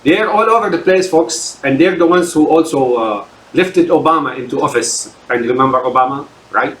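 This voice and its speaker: A man's voice: on the high side, moderate pace, fairly bright tone. Man ranting, full of fillers, roomy echo. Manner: heavy with fillers and repeated words; emphatic, sweeping declarations. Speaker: political commentator. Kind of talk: unscripted solo rant.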